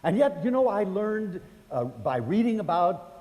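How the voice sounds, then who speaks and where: An older man from the United States telling personal stories to an audience, chatty and animated, acting out the voices of the people in them. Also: high voice, a little slow. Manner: animated, acts out quoted voices, chatty fillers. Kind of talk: storytelling lecture to an audience. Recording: hall reverb.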